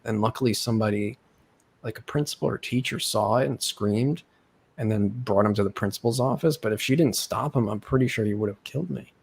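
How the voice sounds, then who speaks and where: Gravelly young man telling stories. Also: lowish voice, fairly quick. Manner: animated, acts out quoted people with raised voice. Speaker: host. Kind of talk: casual storytelling chat.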